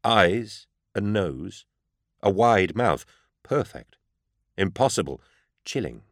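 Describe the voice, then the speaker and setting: Deep-voiced man narrating gravely. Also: animated, no echo, clean studio sound. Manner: grave, measured storytelling. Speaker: audiobook narrator. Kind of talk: first-person scripted narration.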